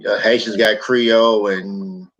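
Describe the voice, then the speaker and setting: A man with a fairly low voice hosts a relaxed conversation, looping back over his words and leaning on "you know." The audio is dull and lo-fi, with a faint hiss underneath. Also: unhurried. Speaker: host. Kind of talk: casual chat.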